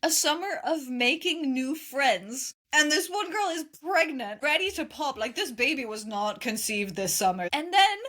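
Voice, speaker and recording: Bright, chatty woman podcast host. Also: high voice, lively intonation. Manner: chatty and sarcastic, quick with jokes. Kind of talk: casual chat.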